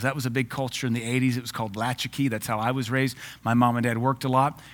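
A pastor in his forties delivering a sermon, mid-pitched and conversational. He preaches in a lively, joking way, laughing often as he makes his points. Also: fast, few pauses.

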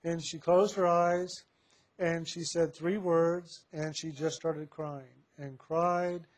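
A man's voice: a little high, little pitch movement. Reflective man telling a personal story. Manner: reflective, unhurried, with soft laughs.

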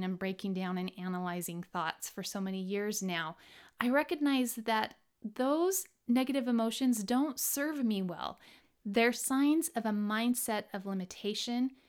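This woman's mid-range voice carries a reflective self-help monologue she hosts herself. She's animated and draws out important words to stress them.

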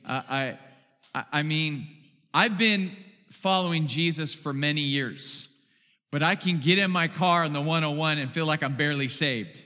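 A man's voice: fairly high pitch, normal speed, pushed and bright. A male pastor giving a sermon in a conversational way, with frequent stammered restarts and acted-out quotes. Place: church hall. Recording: reverberant church hall.

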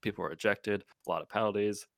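A man co-hosting a casual podcast, telling stories in an animated way and reading posts aloud with mock emphasis. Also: lowish voice, fast, vocal fry, no room sound, clean studio sound. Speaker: podcast co-host.

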